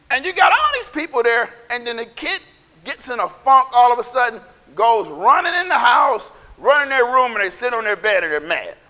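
A man preaching a Bible lesson with a very high, bright voice and a lively, swooping delivery. He is playful and emphatic and sometimes shouts for effect. The room has a long hall reverb. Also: moderate pace. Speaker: Bible teacher. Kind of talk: animated sermon with acted-out quotes.

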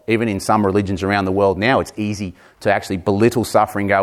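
A man in his forties preaching a sermon, emphatic, repeating words and moving between raised and hushed delivery. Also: fairly low pitch, very fast, few pauses. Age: 40s.

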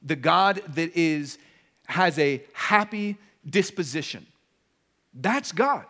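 Lively, bright-voiced male preacher. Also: on the high side, slow. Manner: conversational, jokey, acts out little voices. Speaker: pastor. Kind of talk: sermon. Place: church.

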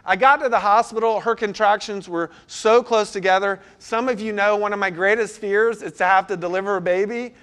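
A man preaching a sermon as a pastor, telling a personal story and moving between hushed passages and loud, urgent ones. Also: high voice, fairly even intonation, brisk, hardly any pauses, smooth.

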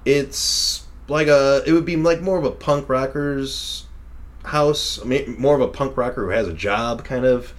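A man's voice: mid-range voice, measured pace. A young man co-hosting a podcast and recapping a movie in casual chat. He rambles, laughs often and swears freely. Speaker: podcast co-host reviewing a movie.

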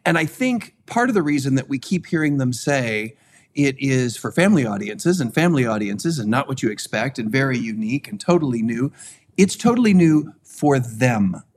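A man co-hosting a podcast, talking in a measured way with many hesitations and fillers. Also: medium pitch, sing-song, darkish tone. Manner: hedging, filler-heavy, measured. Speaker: podcast co-host. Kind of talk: casual discussion.

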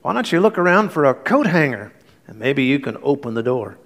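A man doing a soothing calm babysitter. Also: medium pitch, fairly quick. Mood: reassuring.

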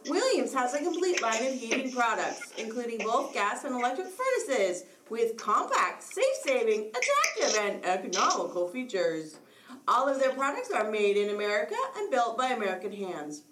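A woman's voice: a little high, big pitch swings, moderate pace, distant mic, background noise. A woman podcast host chatting and reading a sponsor message in a playful, laughing way. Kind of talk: casual chat and read sponsor message. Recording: echoey room, off mic.

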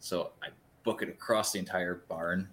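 Brief: guest storyteller, man, low-pitched, rambling and profane, faint background noise. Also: moderate pace. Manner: rambling, profane, lively retelling. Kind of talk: casual storytelling.

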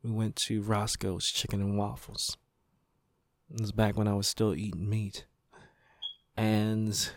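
A man hosting his own podcast, slowly and reflectively recalling a memory in a rambling, casual way. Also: deep voice, darkish tone, no echo. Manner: slow, reflective, rambling with pauses. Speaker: podcast host. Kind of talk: casual personal storytelling monologue.

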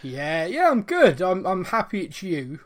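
Lively, ranting podcast host, man. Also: high-pitched, a little slow. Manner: animated, ranting, jokey. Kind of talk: casual chat.

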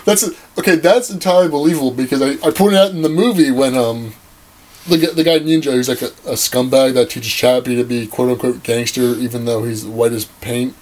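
A man's voice: medium pitch, fairly even intonation, brisk, a little mellow. A young man hosting a podcast, joking and rambling sarcastically in a casual movie-review chat. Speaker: podcast host.

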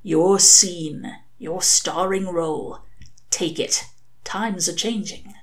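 A sinister senior male demon, cold and spiteful, who lets heavy pauses hang between his words, as a woman reading a story puts him on. The tone is low-key and threatening, a storybook villain. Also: fairly even intonation. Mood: malicious. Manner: menacing, drawn-out pauses.

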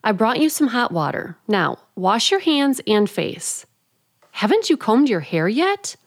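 A woman's voice: on the high side, big pitch swings, unhurried, full character voice. An actress playing a firm, matter-of-fact female attendant who gives orders and reassures, in an old radio play. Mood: brisk. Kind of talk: 1940s radio acting.

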